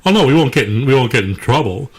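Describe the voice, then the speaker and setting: A man's voice: mid-range voice, expressive, quick pace. Joking man podcast co-host. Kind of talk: casual banter.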